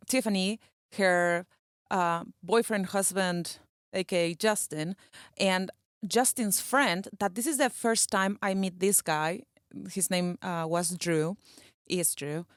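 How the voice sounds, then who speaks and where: A middle-aged woman co-hosting a podcast, telling a story with animated, acted-out dialogue and teasing. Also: medium pitch, clear, resonant tone, no room sound, studio quality. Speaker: podcast co-host. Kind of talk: casual storytelling chat.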